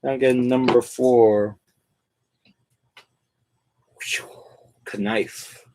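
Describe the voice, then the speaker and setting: A man's voice: mid-range voice, fairly even intonation, very slow, darkish tone, a little hiss or hum. Rambling man chatting while building a figure. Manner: rambling, filler-heavy, thinking aloud. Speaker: streamer assembling a toy figure. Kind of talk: casual live-stream chat.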